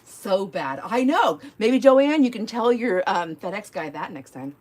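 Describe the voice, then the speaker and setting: A woman's voice: medium pitch, very animated, a little slow, a little mellow. Giggly, rambling woman host at home. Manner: rambling, giggly storytelling with many fillers. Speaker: live-stream crafting host. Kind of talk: casual chat while crafting. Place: home craft space.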